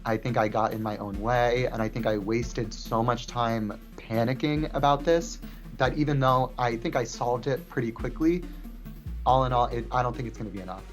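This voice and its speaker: A man's voice: medium pitch, normal speed. A man gives a reality show confessional. He vents about a puzzle, swearing and mocking himself. Faint music plays underneath. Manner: frustrated, swearing, self-mocking. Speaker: reality competition contestant. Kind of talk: confessional interview.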